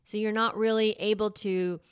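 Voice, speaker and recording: A woman's voice: medium pitch, level tone, normal speed, smooth, no room sound, clean studio sound. A woman hosting a parenting podcast, talking casually with lots of fillers and restarts. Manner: chatty, many fillers and restarts. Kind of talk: casual advice monologue.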